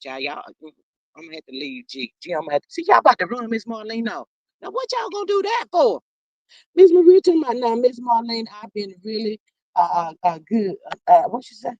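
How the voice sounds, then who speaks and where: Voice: medium pitch, sing-song, fairly quick, a little mellow, no echo, highs cut off. A performer playing a sassy gossiping woman persona, reading viewer comments on a livestream and calling everyone honey and child. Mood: gossipy. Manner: dramatic, playfully threatening. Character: sassy gossiping woman persona, Miss Marlene, quick to clap back. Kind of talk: live chat.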